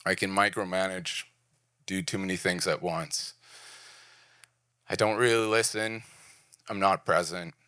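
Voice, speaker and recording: Man speaking at a design event, fairly low voice, bright and forceful, dry close sound, self-deprecating. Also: fairly even intonation, unhurried, pauses often, no room sound. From Prince Edward Island, Canada. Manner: candid, self-deprecating, short punchy phrases. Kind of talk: personal storytelling talk. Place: event venue.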